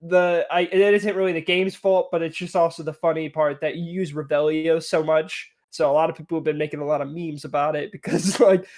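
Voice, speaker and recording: Chatty young man, higher voice. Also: little pitch movement, brisk, few pauses, darkish tone. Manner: chatty, laughs often, rambling restarts. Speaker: podcast co-host. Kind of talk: casual game review chat.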